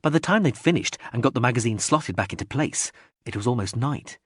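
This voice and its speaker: Male audiobook narrator, husky and dry, measured reading with animated pitch. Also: no echo. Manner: measured reading, acts out quoted speech in raised voices. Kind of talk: scripted narration.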